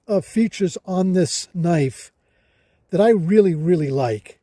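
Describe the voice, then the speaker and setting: A man's voice: high-pitched, animated, slow pace, mellow, no echo. An older man reviewing a folding knife while out on a hike, in a casual, emphatic way, stressing words by repeating them. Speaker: hiking vlogger. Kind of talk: casual outdoor gear review. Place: outdoors on a hiking trail.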